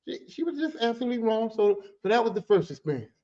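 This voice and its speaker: A man hosting a podcast who tells a story in a casual monologue. He talks with animated energy, swears freely and repeats phrases for emphasis. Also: sits high, fast talker, muffled recording. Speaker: podcast host.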